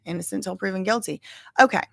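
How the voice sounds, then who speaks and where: A woman's voice: medium pitch, quick pace, vocal fry, no room sound, studio quality. A woman casually commenting on a live trial, chatty and opinionated, often saying "like" and "y'all".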